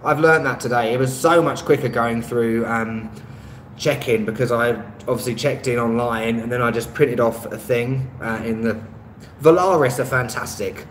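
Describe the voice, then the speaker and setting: Give me an Englishman with a mid-pitched voice who chats casually on a live stream and answers viewer comments as he goes. He is loose and meandering, full of "um"s and small laughs. The sound carries the echo of a bare room, with faint traffic noise from outside. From England. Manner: rambling and hesitant, with frequent ums and light laughs. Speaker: YouTuber hosting a live stream.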